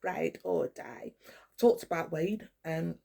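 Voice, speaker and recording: Her voice is low, gravelly and dark, and she speaks slowly: an older woman vlogging straight to camera. In an angry, wandering rant, she swears a great deal and singles out people by name.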